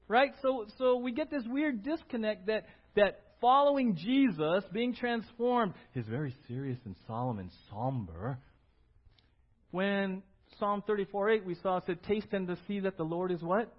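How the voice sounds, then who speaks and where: A male pastor preaching a sermon in a church, acting out little scenes and swinging from loud to quiet. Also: moderate pace. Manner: animated, acts out little scenes with big swings in pitch and loudness. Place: church sanctuary. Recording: dull lo-fi church audio.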